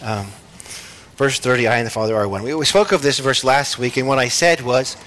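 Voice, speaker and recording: A man preaching a teaching sermon as pastor, speaking in measured phrases with frequent pauses and restarts. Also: mid-range voice, a bit bright, a little hiss or hum, low-quality recording.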